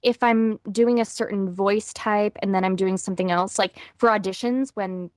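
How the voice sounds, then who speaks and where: A woman voice actress being interviewed, talking casually and quickly with frequent laughs. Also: medium pitch, fairly even intonation, dry recording, studio quality. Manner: chatty, quick, laughs often.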